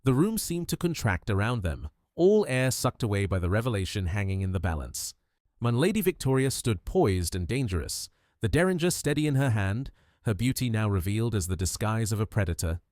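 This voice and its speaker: A man reading a mystery audiobook with measured, dramatic storytelling. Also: on the low side, very animated, darkish tone, no echo, studio quality. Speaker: narrator. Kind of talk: scripted audiobook narration of a mystery.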